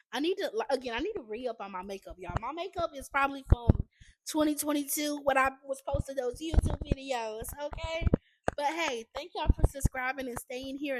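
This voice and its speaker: A woman's voice: high-pitched, a little hiss or hum. A woman beauty vlogger talking casually through a makeup tutorial, chatty and constantly addressing her viewers as y'all.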